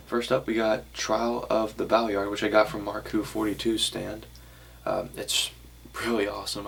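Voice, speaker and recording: A man's voice: on the low side, gravelly, slight background noise. A young man vlogging casually to camera, rambling a little and correcting himself as he shows off his haul. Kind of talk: casual vlog talk to camera.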